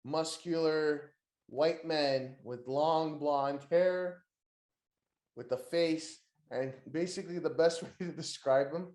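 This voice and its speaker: A man co-hosting a casual wrestling podcast, excitable and slangy, laughing often. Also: a little high, slow pace, roomy sound. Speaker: podcast co-host.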